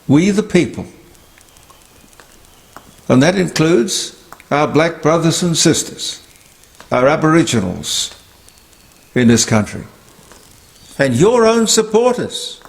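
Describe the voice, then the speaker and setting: Gravelly, animated male commentator. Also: a little high. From Australia. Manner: emphatic, indignant, preachy. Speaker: political commentary host. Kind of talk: opinionated monologue.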